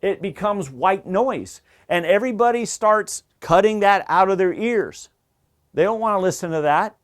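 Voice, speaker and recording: A man with a drawl teaches lineworker safety in a high-pitched voice. He talks emphatically, like a coach, and hammers key points home by repeating them. He sounds middle-aged. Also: lively intonation, normal speed. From Southern United States. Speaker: safety instructor. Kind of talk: energetic safety training talk.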